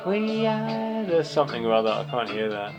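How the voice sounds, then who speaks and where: A man's voice: lowish voice, fast talker. A man giving a ranting monologue review of a record, angry, profane and sarcastic. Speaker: music reviewer. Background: faint music from the record being reviewed.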